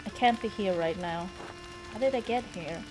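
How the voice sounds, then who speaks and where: A woman's voice: medium pitch, normal speed, lightly acted, poor audio. Brief: woman reading a troubled middle-aged man lost in a dream, plain read, game music underneath. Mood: bewildered.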